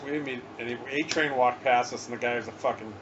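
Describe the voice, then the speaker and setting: A man's voice: medium pitch, steady tone, fast. A man co-hosting a podcast in casual chat, telling crude stories full of swearing and laughter. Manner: profane storyteller, laughs through his stories. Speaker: podcast co-host. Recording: muffled, noisy home podcast recording.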